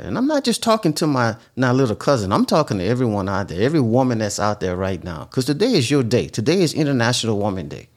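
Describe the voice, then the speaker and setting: A man giving casual, earnest advice in a monologue, repeating his points often. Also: medium pitch. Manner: repetitive, earnest, preachy, repeats phrases.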